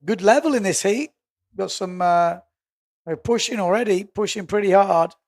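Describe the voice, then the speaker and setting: A man's voice: sits high, a little mellow, no room sound, clean studio sound. A man with an English accent doing live windsurfing commentary, joking and laughing easily between calls. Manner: jokey, laughs easily, quick asides. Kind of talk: live sports commentary and banter.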